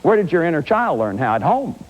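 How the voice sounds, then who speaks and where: A man's voice: on the high side, a little fast. A man in his fifties giving a self-help lecture, acting out examples, often restarting his sentences. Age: 50s. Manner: animated, acts out examples, frequent restarts. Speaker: therapist and lecturer. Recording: dull lo-fi recording.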